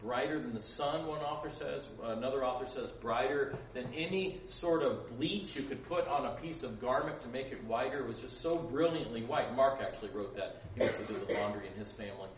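A man's voice: medium pitch, fairly quick, few pauses, noisy background. A man informally teaching a Bible story to a group, chatty, with stumbling restarts and joking asides. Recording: roomy sound, speaker far from mic, faint ambience.

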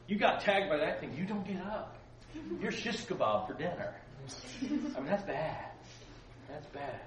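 A man teaching a casual Bible lesson to a youth group, joking and asking his listeners questions. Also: medium pitch. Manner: playful, joking asides, asks listeners questions. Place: gym-like hall. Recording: roomy hall, distant mic, faint noise.

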